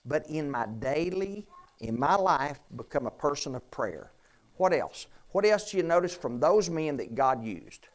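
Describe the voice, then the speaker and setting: Male pastor, conversational sermon; earnest, halting, folksy. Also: medium pitch. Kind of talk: conversational sermon with questions to congregation.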